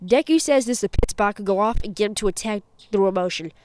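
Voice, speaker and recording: A woman's voice: mid-range voice, fast talker, darkish tone, no echo. A woman hosting her channel, telling a fan-fiction story in a chatty, rambling way and correcting herself as she goes.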